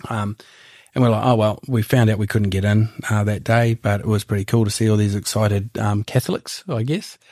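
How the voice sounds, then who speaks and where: A man with a New Zealand accent, a guest on a podcast, telling long rambling stories in a relaxed, casual way. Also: fairly low pitch, fairly quick, dry recording, clean studio sound. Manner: rambling, laid-back, laughs while telling stories. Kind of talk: casual storytelling.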